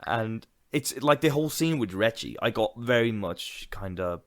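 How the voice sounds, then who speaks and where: A man's voice: fairly low pitch, animated, moderate pace. A man co-hosting a podcast, chatting casually, rambling with lots of fillers and frequent laughs. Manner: laughs often, loose rambling with many fillers. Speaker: podcast co-host. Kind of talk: casual chat.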